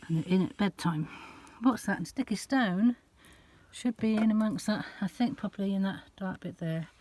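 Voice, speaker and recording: A woman's voice: lowish voice, darkish tone. A woman vlogging outdoors at a countryside park-up, chatting casually to a handheld phone camera, rambling with frequent ums. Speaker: vlogger travelling with her cats. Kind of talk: casual vlog talk to camera.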